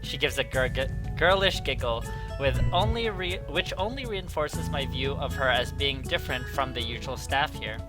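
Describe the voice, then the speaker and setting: A man's voice: medium pitch, animated, moderate pace, music in the background. A young man narrating a visual novel aloud as a let's play host, reading the story lines with casual asides. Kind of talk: casual game read-along narration.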